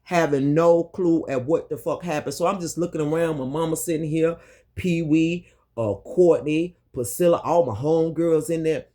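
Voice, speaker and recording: Talking straight to camera, a woman vlogger shares a personal storytime with her viewers, her low, warm voice moving at a moderate clip. She's frank and forceful, cursing freely and saying things again to drive them home.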